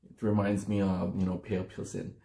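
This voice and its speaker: Casual vlogger, man, low, warm-toned voice, rambling and correcting himself. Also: completely flat delivery, brisk, creaky, echoey room. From Philippines. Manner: chatty, rambling, self-correcting. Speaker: beer-tasting vlogger. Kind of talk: casual chat to camera. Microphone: phone camera.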